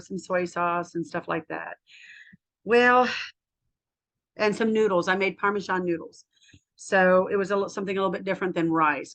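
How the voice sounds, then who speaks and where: A woman's voice: fairly low pitch, a bit bright. Woman, fifties, from the United States, health coach, casual vlog, candid, rambling, emotional. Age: 50s.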